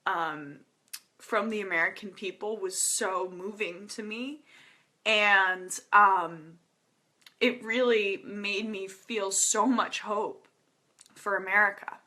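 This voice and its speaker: A woman's voice: mid-range voice, slow pace, bright, forceful tone. A young woman hosting a casual political live stream, talking earnestly and emotionally with many fillers and nervous laughs. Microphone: webcam or phone.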